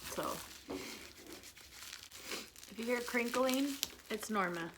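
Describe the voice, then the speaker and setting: A woman's voice: on the high side, slow pace, background noise. A woman, chatting candidly as she does her makeup at home and venting about her son. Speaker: vlogger, mother of an autistic son. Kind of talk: casual makeup vlog chat.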